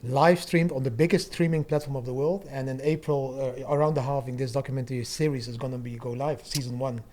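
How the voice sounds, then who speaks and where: Fast-talking middle-aged man telling stories. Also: medium pitch. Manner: animated storyteller, swears freely, laughs often. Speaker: guest. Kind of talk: casual podcast chat.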